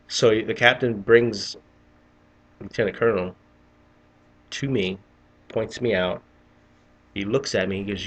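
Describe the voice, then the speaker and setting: A man's voice: fairly low pitch, slow pace, pauses often. A middle-aged man telling a rambling, profane story in a casual vlog, often restarting his sentences. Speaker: vlogger.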